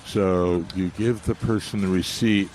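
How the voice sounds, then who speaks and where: A deep-voiced man chats casually about tomatoes and sales, easygoing and anecdotal. He is recorded outdoors at a nursery, with faint noise in the background. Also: fairly even intonation, measured pace, darkish tone. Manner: easygoing, telling light anecdotes. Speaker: gardening show co-host. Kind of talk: casual radio gardening chat.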